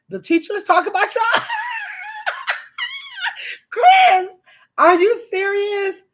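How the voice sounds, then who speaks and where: A woman hosting a casual livestream, chatting with viewers and reading their comments aloud in a rambling, conversational way. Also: on the high side. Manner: chatty, reads viewer comments aloud, talks to chat directly; rambling and conversational, with sudden excited bursts. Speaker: livestream host.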